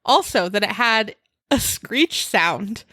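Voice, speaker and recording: A woman's voice: mid-range voice, expressive, takes it slowly, pushed and bright, dry recording. A woman co-hosting a podcast in casual chat, wry and teasing, laughing often. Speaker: podcast co-host.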